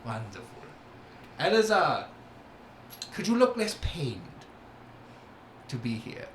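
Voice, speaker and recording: Man doing a fussy fae nobleman, airy and theatrical, slow, in a roomy room with music under. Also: fairly high pitch, very animated, slight background noise, voice pushed up. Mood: gracious. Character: grand fae lord, mannered and fussy.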